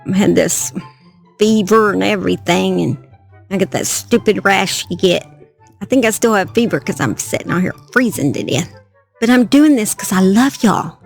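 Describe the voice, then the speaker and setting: A woman's voice: mid-range voice, moderate pace, gravelly, breathy edge, faint music behind. A woman with a Southern US accent telling a true crime story by a campfire outdoors at night, chatty and self-deprecating. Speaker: true crime channel host. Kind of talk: casual storytelling to camera.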